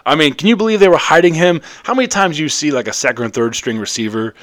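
A man co-hosting a casual sports podcast, animated and jokey, wandering off on tangents. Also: on the high side, quick pace, dry recording. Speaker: podcast co-host.

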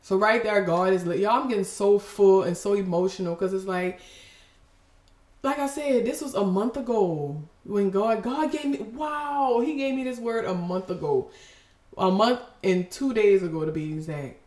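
A woman's voice: mid-range voice, normal speed, darkish tone. Female devotional podcaster, emotional and fervent; mid-range voice; echoey room. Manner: fervent, preachy, breaks off with exclamations. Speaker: podcast host giving a devotional.

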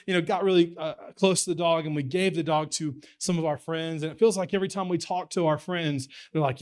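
A young man preaching a sermon, telling stories in a folksy way and building to excited emphasis. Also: fairly high pitch, brisk, hardly any pauses. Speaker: pastor.

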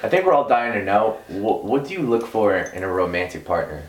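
A man's voice: on the low side, very animated, brisk. A young man hosting a casual chat with friends, joking and asking questions. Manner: joking, laughs often, asks questions. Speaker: podcast host. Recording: roomy sound from a distant mic with faint hiss.

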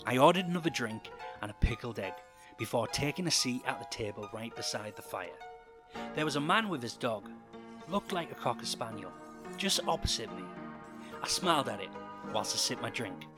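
A man's voice: mid-range voice, big pitch swings, moderate pace, music in the background. A man reading a first-person fan fiction story in a dramatic storytelling way.

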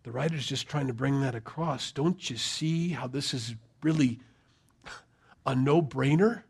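A man's voice: medium pitch, measured pace, creaky, darkish tone, breathy edge. A middle-aged man preaching a sermon, conversational and emphatic, with rhetorical questions. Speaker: pastor.

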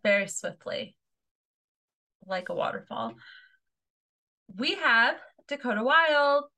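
A woman's voice: on the high side, lively intonation, slow pace, bright, forceful tone. A woman co-hosting a podcast in casual chat, teasing and joking crudely. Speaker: podcast co-host.

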